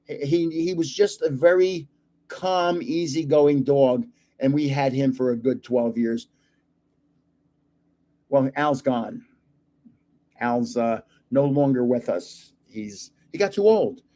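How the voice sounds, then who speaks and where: An older man hosts his own stream in loose, casual chat. His voice sits a little high for a man. He wanders through stories with fillers and pauses. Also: warm tone. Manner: rambling storyteller with fillers. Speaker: host of a card channel.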